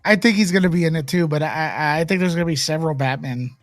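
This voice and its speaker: A man in his fifties hosting a casual livestream chat, animated and opinionated, often acting out quotes. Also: on the high side, fast, dry recording, soft background music. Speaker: host.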